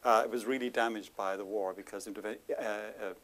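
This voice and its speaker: Chatty male lecturer, quick to laugh. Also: lowish voice, steady tone, fairly bright tone. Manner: chatty, laughs often between remarks; self-deprecating asides. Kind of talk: informal lecture to a live audience.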